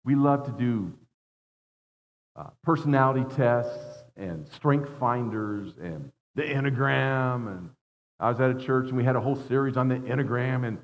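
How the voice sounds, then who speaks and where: Guest preacher, male, earnest sermon delivery with repeated words, slightly muffled in a long-echo sanctuary. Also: normal speed. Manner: earnest preaching, voice dropping low and rising for emphasis; repeats words when building a point. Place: church sanctuary. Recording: dull sound in a long-reverb hall.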